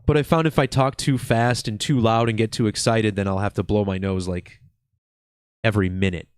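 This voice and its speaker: A man's voice: on the low side, clean tone, no echo, studio quality. A man hosting his own channel, talking casually and unhurriedly with lots of ums while congested from a cold. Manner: relaxed, slow and chill, with many fillers. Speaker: channel host. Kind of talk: casual video commentary.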